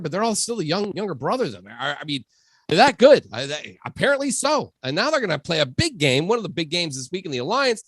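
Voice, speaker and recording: A man hosting a casual high school football podcast, talking emphatically and swinging from loud to low. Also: no echo. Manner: lively, emphatic, shifts between loud and low. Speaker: podcast host. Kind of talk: casual sports podcast chat.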